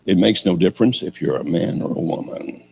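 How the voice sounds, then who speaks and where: A man's voice: low-pitched, brisk, vocal fry, a little mellow, husky. An older man preaching a sermon, telling a story with sarcastic humor and acting out the characters.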